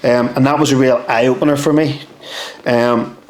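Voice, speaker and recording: Lively man in a roomy room. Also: mid-range voice, normal speed. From Northern Ireland. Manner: lively, swears freely, acts out quotes. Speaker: podcast guest. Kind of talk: casual storytelling chat. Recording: roomy echo.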